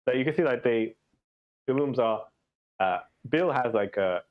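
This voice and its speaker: Male game master, rambling and filler-heavy, mid pitch, dull lo-fi stream audio. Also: expressive, moderate pace. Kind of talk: narrating a tabletop game.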